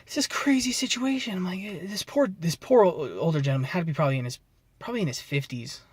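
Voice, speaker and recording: A man's voice: high-pitched, fast talker, slightly rough, dry recording. A man vlogging, telling a story in a rambling, conversational way and often correcting himself. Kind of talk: casual storytelling to camera.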